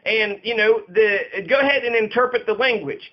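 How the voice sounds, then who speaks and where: A man with a noticeably high voice holds forth in an unscripted rant, swearing freely and repeating lines for emphasis. The recording sounds dull and lo-fi. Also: moderate pace. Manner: profane, emphatic and repetitive. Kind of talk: casual ranting monologue.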